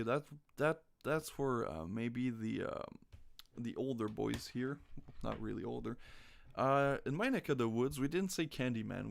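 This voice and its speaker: A man's voice: medium pitch, creaky. A man chatting casually on a live stream, joking crudely and reading quiz questions aloud. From North America.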